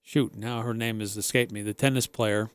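A man's voice: fairly low pitch, normal speed, clear, resonant tone, no room sound. A man co-hosting a sports talk radio show, chatting casually and recounting stories. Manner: relaxed, conversational, recounting stories.

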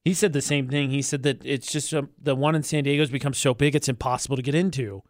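A man's voice: mid-range voice, steady tone, fast talker, no room sound, studio quality. A man co-hosting a casual podcast chat, talking with enthusiasm and rambling through restarts. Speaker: co-host.

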